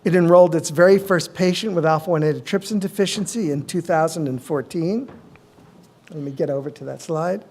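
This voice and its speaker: A middle-aged male physician giving a conference presentation, measured, with frequent ums and uhs. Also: a little high, a little mellow.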